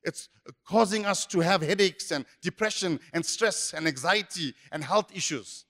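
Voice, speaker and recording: A man's voice: high voice, normal speed, a bit bright. A man preaching a sermon as pastor, emphatic and repetitive. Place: church hall. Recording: echoey church hall.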